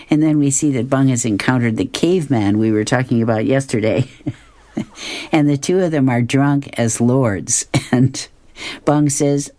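A woman's voice: extremely low pitch, normal speed, mellow. A woman reading comic strips aloud, amused and chuckling between them.

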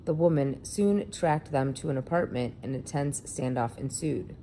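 A woman with a notably low, warm and mellow voice reads a feature story aloud. Her delivery is plain, steady narration. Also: moderate pace, a little hiss or hum. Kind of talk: reading a feature article aloud.

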